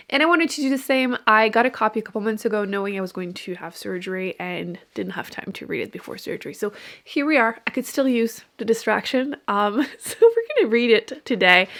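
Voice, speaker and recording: A woman book vlogger with a medium-pitched, slightly bright voice chats casually into a microphone in a room at home. Giggly and self-deprecating, she reacts to what she's reading in a relaxed reading vlog.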